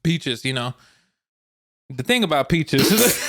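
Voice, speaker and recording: A man's voice: a little high, very animated, slow pace, pauses often, noisy background. A man co-hosting a casual podcast, chatting loosely and laughing at his own jokes. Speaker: podcast co-host. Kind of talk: casual chat.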